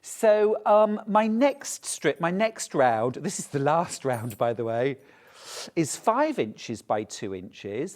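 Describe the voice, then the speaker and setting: A man's voice: medium pitch, darkish tone. A man chatting as he demonstrates sewing steps on a live TV show. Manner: chatty, explains steps while working.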